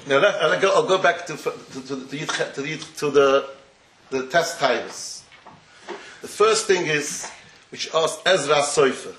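A man's voice: fairly high pitch, unhurried, fairly bright tone, slight background noise. A man teaching a Torah class, explaining in a digressive way and sprinkling his talk with Yiddish and Hebrew terms. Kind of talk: Torah lecture. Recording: echoey room.

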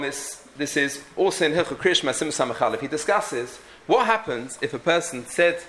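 A Torah teacher gives a halachic lesson, thinking aloud with frequent restarts and many Hebrew and Yiddish terms. His voice is fairly high-pitched with a fairly bright tone.

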